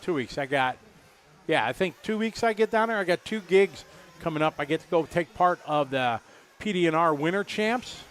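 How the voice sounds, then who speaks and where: A man in his fifties doing relaxed, rambling live race commentary, chatty and jokey. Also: on the high side, moderate pace, a little hiss or hum. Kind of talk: casual live commentary chat.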